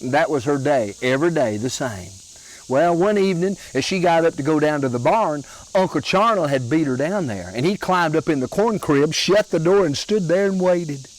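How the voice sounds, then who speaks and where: A man telling comic family stories in a slow, folksy, drawn-out way. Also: fairly high pitch, lively intonation, rough recording. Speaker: storyteller comedian.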